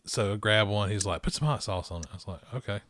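A man's voice: lowish voice, fast, heavy background noise. A man, hosting a casual chat and telling stories with laughs and restarts. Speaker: podcast host.

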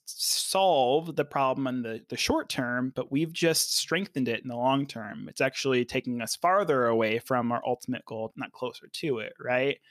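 Brief: male podcast co-host, mid-pitch, dry close sound, explainer who keeps asking "right?". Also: a bit bright, dry recording. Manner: explanatory, often checks in with "right?". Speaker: podcast co-host, behavior analyst. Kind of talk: casual podcast discussion.

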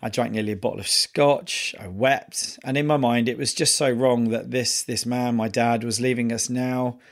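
A man hosting a podcast, telling a personal story in an earnest, halting way with many pauses and restarts. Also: mid-range voice, steady tone. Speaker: podcast host.

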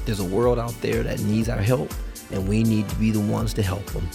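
A man's voice: on the low side, level tone, moderate pace, gravelly. A man preaching a sermon in an earnest, emphatic way. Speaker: pastor. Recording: music playing under the voice.

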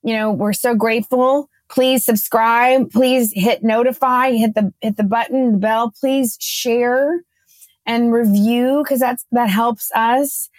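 A woman co-hosting a podcast, chatting casually and telling a lively story, acting out her own quotes. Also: on the high side, slow, dry recording. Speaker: podcast co-host.

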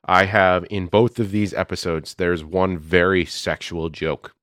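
A man co-hosting a podcast, chatting casually with dry, deadpan humor. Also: sits low, unhurried, no room sound. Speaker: podcast co-host.

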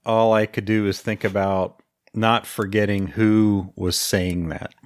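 A man on a casual book podcast, chiming in with short comments and agreement. His voice sits a little low for a man, and he speaks in a relaxed, easy way. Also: measured pace. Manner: brief agreeing remarks. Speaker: podcast co-host.

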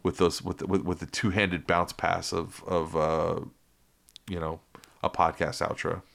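A man's voice: sits low, level tone, a little slow, vocal fry, a bit bright. A man co-hosting a podcast in casual chat, joking and rambling with lots of fillers. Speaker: podcast co-host.

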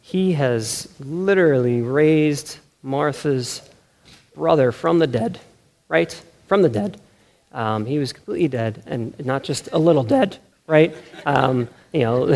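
A man's voice: on the high side, unhurried. A man preaching a sermon in a loose, conversational way, often checking in with the room and restarting his sentences. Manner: conversational, self-correcting, keeps asking "right?"; animated, laughs often. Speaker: pastor.

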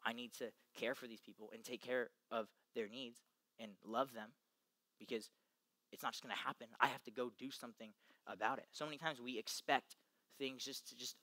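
A young man giving an earnest, emphatic youth talk to junior high boys, acting out the quotes he gives. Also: brisk, bright, forceful tone, no room sound. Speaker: youth ministry speaker.

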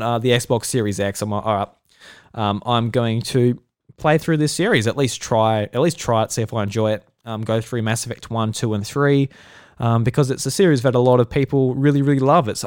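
An Australian man talks through news on his solo podcast. He rambles casually, stops to restart his sentences and fills gaps with "uh" and "um". His voice sits at a middling pitch and sounds dry and close to the mic. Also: dry recording. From South Australia. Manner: rambling, many fillers and restarts. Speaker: podcast host.

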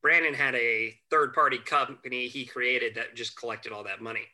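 A man who is a guest on a chat show, telling lively anecdotes and acting out quotes. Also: mid-range voice, normal speed. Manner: animated anecdotes, acts out quotes, chuckles. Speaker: podcast guest, family lawyer. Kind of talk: casual storytelling chat.

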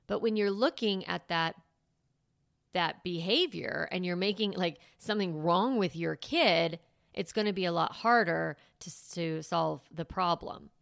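A woman's voice: lowish voice, a little slow, vocal fry, a bit bright, dry recording, studio quality. A woman hosting a parenting podcast, talking casually with lots of fillers and restarts. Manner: chatty, many fillers and restarts. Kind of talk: casual advice monologue.

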